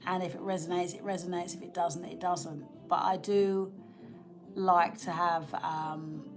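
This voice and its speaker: A woman's voice: lowish voice, flat delivery, unhurried, recorded from a distance. A woman from the UK talks casually to her livestream viewers, rambling and restarting her sentences as she goes. She sits a little away from the microphone in an echoey room, with faint music playing behind her. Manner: chatty, rambling, restarts often. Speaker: livestream host. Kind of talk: casual live chat with viewers. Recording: roomy, from the mic, faint music.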